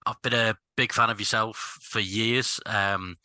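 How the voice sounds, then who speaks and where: Nervous, stammering man, very bright tone. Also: fairly low pitch, steady tone, unhurried, clean tone, no room sound. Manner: nervous and stammering, admits being intimidated. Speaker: interviewer. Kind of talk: casual interview questions.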